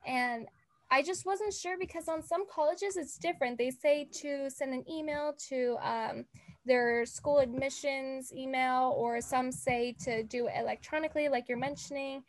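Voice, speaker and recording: A woman's voice: high voice, normal speed. A young woman, a prospective student, asking about submitting transcripts on a video call, eager and a little unsure. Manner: eager, slightly unsure, rambling.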